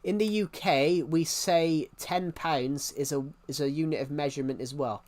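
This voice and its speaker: Answering viewers on a live stream, this English-accented man from England rambles casually and keeps restarting sentences. He talks at normal speed in a slightly high voice with a darkish tone.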